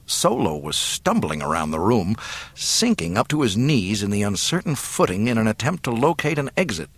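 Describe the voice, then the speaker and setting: A man narrating an adventure novel in a measured storytelling manner into a close mic. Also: fairly low pitch, sing-song, slightly rough, no room sound. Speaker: audiobook narrator. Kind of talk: scripted narration.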